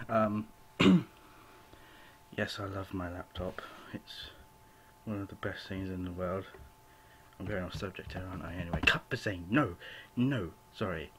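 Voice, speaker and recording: Young man, home vlog rant, rambling and apologetic, low-ish voice, faint room hiss. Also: a little slow, fairly bright tone. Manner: rambling, apologetic, full of "you know" fillers. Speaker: vlogger.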